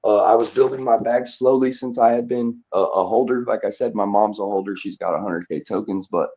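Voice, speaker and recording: A man's voice: fairly low pitch, brisk, warm tone, dull audio. A man talking casually on a live audio chat, rambling and hesitant with many fillers and restarts.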